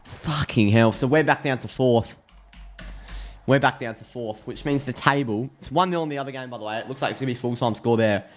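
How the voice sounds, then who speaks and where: An Australian man streams a live football reaction, talking in a chatty, excitable way and thinking out loud. His voice sits in an ordinary middle pitch, and he often restarts his sentences. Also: a little fast, slight background noise.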